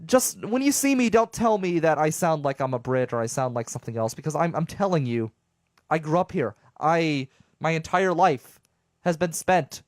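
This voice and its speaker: A man in his thirties from southwestern Pennsylvania, rambling excitably to his viewers in a casual monologue, with an unusual voice people take for foreign. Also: a little high, normal speed, no echo, clean studio sound. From southwestern Pennsylvania, USA. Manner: rambling and excitable, with repeated restarts. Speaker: vlogger.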